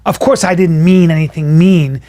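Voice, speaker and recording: A man co-hosting a podcast, chatting casually, telling stories with lots of swearing and quick restarts. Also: fairly high pitch, warm tone. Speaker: podcast co-host. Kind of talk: casual chat.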